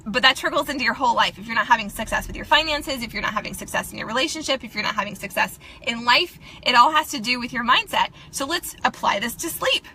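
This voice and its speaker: A woman's voice: a little high, expressive, fast talker, hardly any pauses, bright, forceful tone, a little hiss or hum, low-quality recording. A woman in her thirties giving a casual, upbeat motivational talk to her viewers, chatty and laughing often. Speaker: self-help vlogger.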